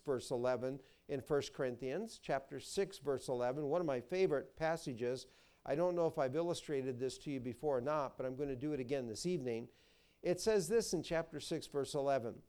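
Man preaching a slow, emphatic sermon. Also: fairly high pitch, smooth. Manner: preaching with slow emphatic verse reading and bursts of animated storytelling. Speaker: pastor.

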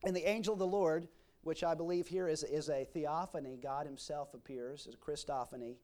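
Folksy preacher man with a fairly high voice. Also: steady tone, fairly quick, darkish tone. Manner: folksy, explains scripture with homely examples; reads scripture aloud in King James wording. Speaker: pastor. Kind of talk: expository sermon.

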